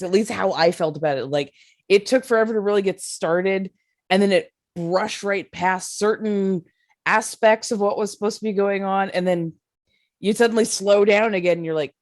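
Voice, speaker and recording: A woman's voice: medium pitch, darkish tone, dry recording. Casting: female podcast guest, blunt and emphatic, dry close sound. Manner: blunt, emphatic, laughs between points. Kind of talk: casual chat.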